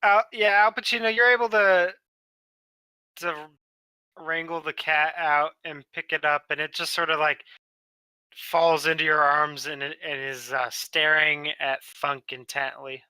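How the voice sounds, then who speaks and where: A man's voice: on the high side, steady tone, measured pace, bright, forceful tone, clean tone, dry recording, rough recording. A man narrating a tabletop game as dungeon master, with lots of hesitant fillers.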